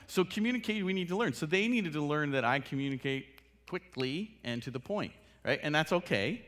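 A workshop speaker gives a casual, animated talk on listening skills, acting out short dialogues and laughing at himself. His voice is a little high and fast, and a long hall reverb colors the recording.

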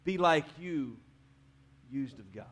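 Male pastor, fairly high voice, casual sermon delivery, quiet phrase endings with bursts of urging. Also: animated, slow pace. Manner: conversational preaching, drops to quiet endings, rises to urge the crowd. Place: church sanctuary.

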